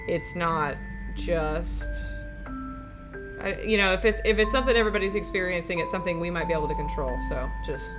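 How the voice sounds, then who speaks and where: A woman's voice: lowish voice, brisk. A woman casually commenting on a video game as she plays, chatty and giggly, talking to her viewers, with game music behind. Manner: giggly, chatty, reads the chat aloud. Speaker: let's play streamer. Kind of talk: casual let's play commentary.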